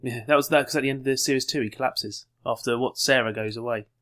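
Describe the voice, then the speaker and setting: A man's voice: medium pitch, fairly even intonation, a bit bright. A man in casual chat, eagerly arguing points and adding details about TV shows. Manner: chatty, quick to argue and add details.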